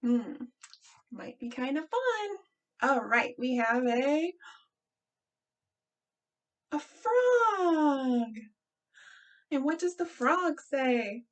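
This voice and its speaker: A woman children's librarian leading a storytime with a gentle, encouraging, sing-song way of talking to young children. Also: sits high, expressive, takes it slowly.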